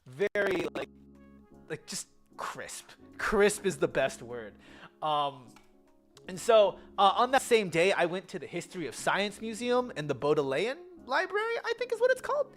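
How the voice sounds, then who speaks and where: A young American vlogger rambles about a trip in an easy, chatty way. The voice swings up and down with plenty of animation, and the talk is packed with fillers and quick self-corrections, while soft music plays underneath. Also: medium pitch, big pitch swings. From United States. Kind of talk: casual travel vlog chat.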